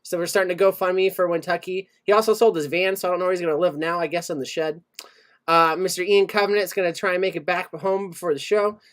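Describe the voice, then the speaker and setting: A man hosting a podcast in casual chat, joking, laughing often and reading out shout-outs to his chat. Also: high voice, fairly even intonation, fast. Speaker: podcast host.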